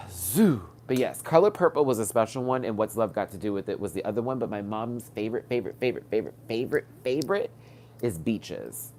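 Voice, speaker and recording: A man's voice: lowish voice, expressive, normal speed, darkish tone, slight background noise. A man hosting a live stream, stuffed up from crying, telling rambling personal stories with lots of fillers and restarts. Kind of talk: casual personal storytelling. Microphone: webcam or phone mic on a live stream.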